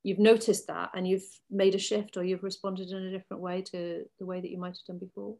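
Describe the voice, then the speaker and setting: A woman interviewer asks her questions gently, phrasing them carefully and a little tentatively. Her voice sits at an ordinary middle pitch for a woman. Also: level tone, fairly quick, creaky.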